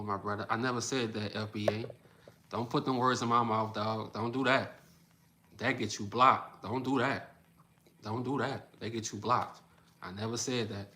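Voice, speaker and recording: Blunt, bright-voiced man livestreaming. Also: lowish voice. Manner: blunt, animated, repeats phrases for emphasis. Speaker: livestream host reading chat. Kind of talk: casual livestream commentary.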